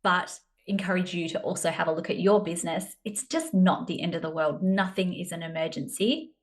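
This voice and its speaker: A woman's voice: fairly low pitch, fairly even intonation, brisk. A woman in her thirties with an Australian accent, hosting a solo business podcast in a chatty, self-deprecating way. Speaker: podcast host, business coach. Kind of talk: casual solo podcast talk.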